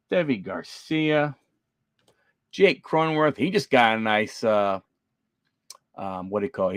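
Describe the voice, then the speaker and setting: A man's voice: medium pitch, no echo. A man hosting a live card-opening stream, chatting with viewers by name and reading off player names as he flips through cards. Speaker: card break host.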